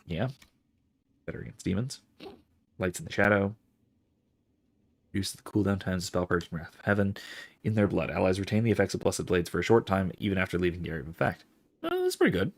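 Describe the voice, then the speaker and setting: A man's voice: low voice, very animated, a little fast, creaky, long pauses. A man casually commenting while playing a fantasy game, reading viewer messages aloud and musing over skill choices. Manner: chatty, reads chat aloud, muses over skills. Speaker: game streamer.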